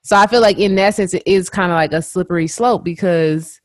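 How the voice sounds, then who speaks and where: A young woman in a casual group chat, reflective and thinking out loud with many fillers. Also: on the low side, a little fast, no echo, studio quality.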